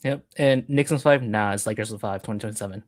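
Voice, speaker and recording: A man's voice: on the low side, fast talker. Boastful male sports-fan caller. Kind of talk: call-in chat.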